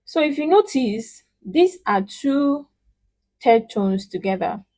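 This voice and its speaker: A woman's voice: on the high side, very animated, mellow. A woman teaching a spoken language lesson, patiently repeating words and stretching out syllables so learners can echo her. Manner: models pronunciation with emphatic, drawn-out syllables.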